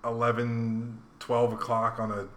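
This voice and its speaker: A man's voice: medium pitch, completely flat delivery, measured pace. A man telling a story in casual chat, laid-back and rambling, with lots of fillers. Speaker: podcast co-host. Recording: roomy echo, faint room noise.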